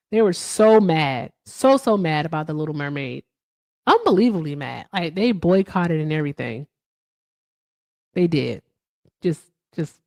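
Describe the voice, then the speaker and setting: A woman hosts a casual livestream, speaking directly to viewers in the comments, swearing freely as her pitch swings widely while she riffs. Her darkish voice sounds dry and close, without room echo.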